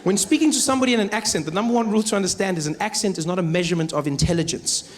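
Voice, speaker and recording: A man's voice: high voice, rapid-fire. Man telling stand-up stories. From South Africa. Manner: conversational, wry, animated storytelling. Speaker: comedian. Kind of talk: stand-up storytelling.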